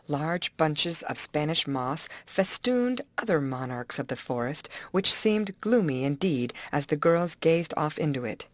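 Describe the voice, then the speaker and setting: A woman narrating an audiobook in a clear, expressive storytelling manner. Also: deep voice, measured pace, few pauses, dry recording. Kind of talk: audiobook reading.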